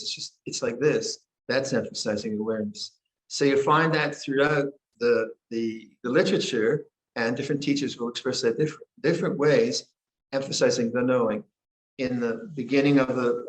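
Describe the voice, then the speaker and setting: Older man giving a calm meditation talk in an echoey hall. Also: medium pitch. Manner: gentle, unhurried, with frequent restarts and pauses. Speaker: meditation teacher. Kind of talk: guided meditation and dharma talk.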